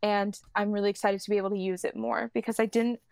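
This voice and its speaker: Woman, tabletop player, gravelly vocal fry, upbeat, chatty, dry close sound. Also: medium pitch, little pitch movement, fast, a little mellow, no room sound. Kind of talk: casual podcast chat.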